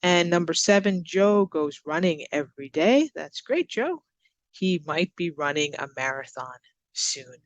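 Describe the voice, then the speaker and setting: A woman teaching English to learners, giving example sentences and repeating words slowly with exaggerated stress. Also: on the low side, animated, muffled recording. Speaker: ESL teacher. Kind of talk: recorded English lesson.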